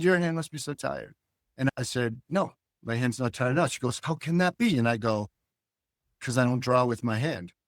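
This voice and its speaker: An older man and guest cartoonist, talking in a reflective, philosophical way and telling animated stories in a relaxed interview. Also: fairly high pitch, no room sound, clean studio sound. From Hull, Massachusetts.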